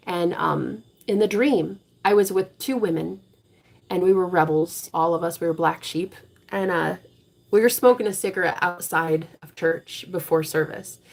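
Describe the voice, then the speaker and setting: A woman's voice: fairly low pitch, gravelly. Blunt, cursing woman tarot reader. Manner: blunt, profane and emphatic; preachy and forceful when driving a point home. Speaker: tarot reader hosting a live reading stream. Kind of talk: casual live-stream talk.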